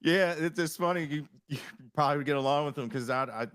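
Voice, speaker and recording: A man hosting a podcast, chatting casually with halting restarts and frequent laughs. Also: fairly high pitch, a bit bright, smooth, no echo, studio quality. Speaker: podcast host.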